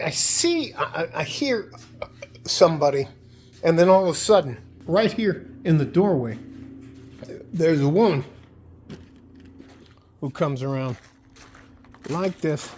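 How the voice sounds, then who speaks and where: A man's voice: a little high, a little mellow, a little hiss or hum. A man vlogging in his home garage, talking in a rambling, profane, worked-up way. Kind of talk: casual vlog monologue.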